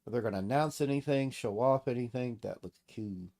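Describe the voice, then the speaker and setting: A man's voice: medium pitch, brisk, dark tone. Rambling, profane male streamer. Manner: rambling, self-mocking and profane. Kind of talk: casual solo livestream chat.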